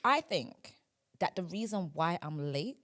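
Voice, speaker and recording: A young woman hosting a podcast in casual chat, chatty and quick to laugh. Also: fairly low pitch, lively intonation, fairly bright tone. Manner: chatty, laughing, repeats yeah. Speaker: podcast host.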